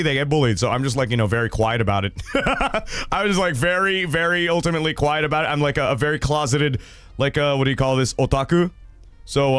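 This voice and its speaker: A young adult man hosting a casual livestream, reading viewer stories and reacting in an animated, rambling way with lots of fillers and swearing. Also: mid-range voice, dry recording.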